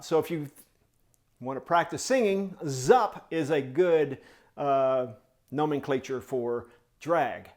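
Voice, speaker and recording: A man's voice: a little high, takes it slowly. A man teaching snare drum step by step, singing the rhythms in syllables, counting off tempos and encouraging his students. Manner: coaching and encouraging. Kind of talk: step-by-step music tutorial.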